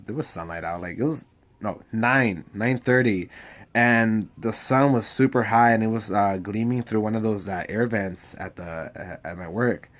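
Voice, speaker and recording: A young man talking in a casual, rambling monologue, swearing freely and losing his train of thought. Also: medium pitch. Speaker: vlogger.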